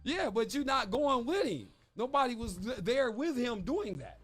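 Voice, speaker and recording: A man's voice: very high voice, sing-song, normal speed, fairly bright tone, faint music behind. A man co-hosting a morning radio talk show, arguing his point with emphatic rhetorical questions. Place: radio studio.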